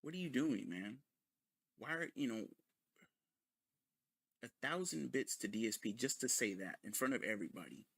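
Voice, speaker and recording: A man's voice: mid-range voice, expressive, normal speed, pauses often, fairly bright tone, no room sound. A man ranting in a sarcastic, mocking commentary full of profanity. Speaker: commentary video host.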